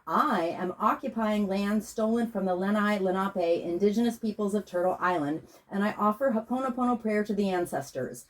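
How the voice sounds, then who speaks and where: A woman who works as a tarot reader and energy healer, speaking in a calm, measured, invocational way as she leads a guided meditation and chants a repeated prayer. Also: mid-range voice, rough recording.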